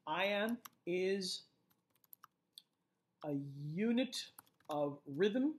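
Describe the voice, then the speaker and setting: A man's voice: high-pitched, animated, extremely slow. A man giving a recorded literature lecture, explaining poetic rhythm step by step and often checking in with "right?". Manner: explanatory, repeats key phrases, frequent "right?"; rhythmic chanting of stress patterns.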